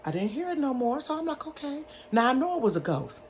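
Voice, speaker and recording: Animated woman telling a storytime. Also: a little high, fast, a crowd in the background. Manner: animated, folksy, addresses listeners as honey and y'all. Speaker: storyteller, channel host. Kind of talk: casual storytime. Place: bedroom.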